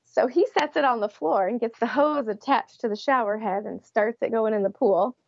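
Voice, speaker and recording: A woman's voice: a little high, normal speed, gravelly, no echo, dull audio. A young adult woman, an interview guest, telling her story in a casual way and laughing often. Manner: laughs often while recounting.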